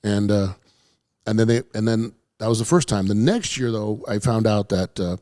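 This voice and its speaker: A man's voice: lowish voice, moderate pace, warm tone, no echo, clean studio sound. A man who is a stand-up comedian guest, telling rambling stories on a radio show and acting out quoted voices. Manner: rambling, self-interrupting, acts out quoted voices. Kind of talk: casual storytelling chat. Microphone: studio headphones and mic.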